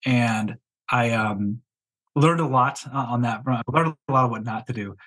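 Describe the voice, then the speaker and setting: Guest, male, mid-pitched husky voice, relaxed, rambling first-person account. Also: normal speed, poor audio. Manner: candid storytelling with many fillers. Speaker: guest, business coach. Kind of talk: casual interview chat.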